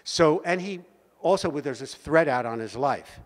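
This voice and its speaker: Older male storyteller, seventies, lively delivery with pauses for effect, long reverberant hall. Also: on the high side. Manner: animated, vivid storyteller with dramatic pauses. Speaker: speaker at a community meeting. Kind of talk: personal storytelling talk. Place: meeting hall.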